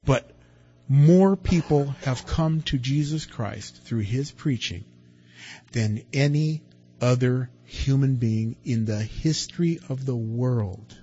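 Husky preacher man with lo-fi sound. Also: mid-range voice, slow. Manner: conversational preaching, rhetorical questions, swings from loud to quiet. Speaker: pastor. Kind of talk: sermon. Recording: dull lo-fi recording with faint music.

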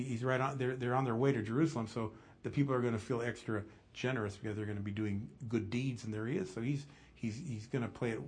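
A man preaching an expository sermon, telling the story with animation and dropping low and soft for emphasis. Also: slightly rough. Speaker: pastor.

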